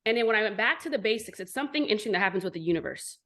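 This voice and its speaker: Blunt, animated businesswoman in her forties. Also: mid-range voice, racing. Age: 40s. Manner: blunt, profane, animated storytelling. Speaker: entrepreneur guest. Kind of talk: candid storytelling interview.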